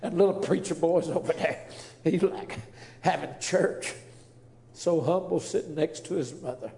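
High-voiced preacher, roomy echo. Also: male voice, normal speed, creaky, dark tone. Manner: earnest, emotional preacher storytelling. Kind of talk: storytelling testimony.

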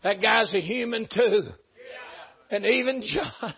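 Emphatic preacher with a husky voice. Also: male voice, high-pitched, slow pace, dull audio. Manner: folksy, emphatic preaching with sudden rises and drops. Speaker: pastor. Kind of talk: sermon.

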